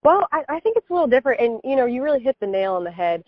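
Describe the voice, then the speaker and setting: An American woman in her twenties, a podcast guest chatting in a lively, quick way. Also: on the high side, no echo, phone-quality sound. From United States. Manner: lively, laughing, quick talker. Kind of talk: casual conversational chat.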